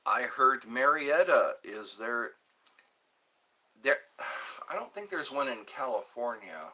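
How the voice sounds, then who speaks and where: Slight background noise sits under a mid-range, sing-song male voice, slow-paced, pushed and bright. The man, a livestream host from Georgia, USA, chats casually, rambles, reads chat messages out loud, and laughs quietly to himself.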